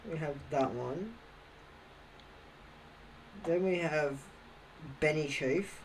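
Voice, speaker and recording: A man's voice: a little high, extremely slow, a little hiss or hum. Rambling young Australian guy telling stories. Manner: rambling, swears a lot, laughs at his own stories. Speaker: livestreamer. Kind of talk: casual storytelling on a livestream.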